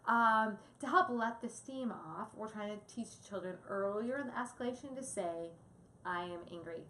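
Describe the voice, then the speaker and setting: A woman co-hosting a parenting discussion speaks at moderate pace with a medium pitch and a bright, forceful tone. It's a casual educational chat with frequent laughter and examples, recorded in an echoey space with faint noise.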